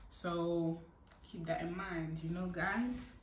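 A woman's voice: fairly low pitch, fairly even intonation, takes it slowly, a little hiss or hum. Young woman, casual tutorial chat, playful, far from the mic in an echoey room. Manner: chatty, playful, bursts of loud whoops. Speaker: hair tutorial vlogger. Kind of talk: casual how-to chat to camera.

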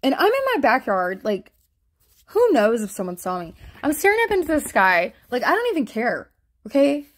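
A woman's voice: fairly high pitch, very animated, normal speed. A woman talking casually to her viewers as a spiritual vlogger, giggling often and trailing off mid-thought while walking through her pictures. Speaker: spiritual vlogger showing sky photos. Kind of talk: casual rambling commentary.

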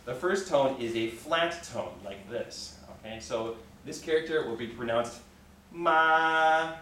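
Leading a Mandarin lesson, a man guides students through repeat-after-me exercises in call-and-response style, patient and full of encouragement, regularly checking with "okay." He speaks at a normal speed in a mid-range voice. The mic sits far away in an echoey classroom, picking up a bit of background noise.

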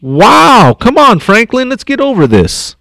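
A man with an extremely high voice and vocal fry reads a bit slowly, with no echo. He is the district superintendent, sharing a picture book with young elementary school children and animatedly pausing between passages to comment and reflect aloud.

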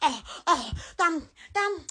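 A woman from Alabama, chattering excitedly on a phone livestream, giggling, gushing and stammering. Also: extremely high pitch, slow pace, raised voice. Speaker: social media livestreamer.

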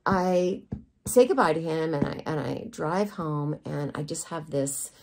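A woman's voice: low-pitched, measured pace, vocal fry. A woman vlogger telling a personal story in a candid, confessional way with self-deprecating humor.

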